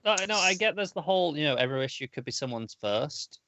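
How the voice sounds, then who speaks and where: A man co-hosting a comics podcast who chats casually and often pauses to hedge his opinions. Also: a little high, animated, bright, forceful tone, no room sound. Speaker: podcast co-host. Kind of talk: casual chat.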